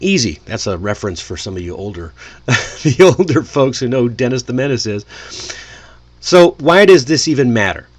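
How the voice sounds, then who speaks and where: A man teaching English in a lively, friendly way, often chuckling to himself. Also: mid-range voice, moderate pace. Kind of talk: casual lesson delivery.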